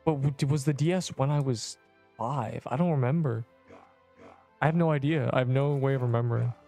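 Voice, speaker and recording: A young man in his twenties talks through a game livestream, answering chat in a loose, rambling, slangy way full of restarts. His voice sits at an ordinary middle pitch, with faint game music underneath. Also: a little fast, mellow. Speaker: game streamer.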